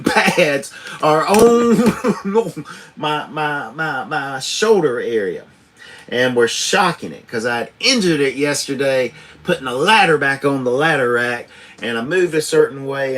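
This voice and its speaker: A man talks slowly on a live stream, his pitch rising and falling freely. He rambles, chuckles and swears in an easygoing trucker's way. It is recorded on a tablet camera. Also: fairly bright tone. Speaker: truck driver livestreamer. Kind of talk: casual live-stream chat.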